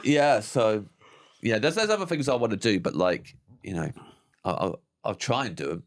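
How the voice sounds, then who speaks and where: A man's voice: fairly low pitch, moderate pace. A man in his forties, a comedian chatting casually as a guest, acting out quotes with frequent laughs. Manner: animated, acts out quoted voices, frequent "like" and laughter. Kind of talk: casual chat.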